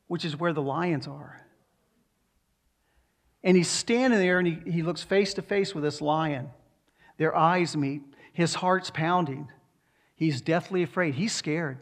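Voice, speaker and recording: A male pastor preaching with emphasis. His voice sits a bit higher than most men's, and he presses his points with repeated questions to the congregation before moving into prayer. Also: a little slow. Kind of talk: sermon and prayer.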